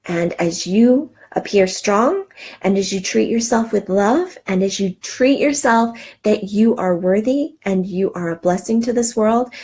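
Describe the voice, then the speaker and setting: A woman's voice: mid-range voice, a little mellow, breathy edge. A middle-aged woman giving an earnest, encouraging self-help talk, with frequent ums and restarts. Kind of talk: motivational talk.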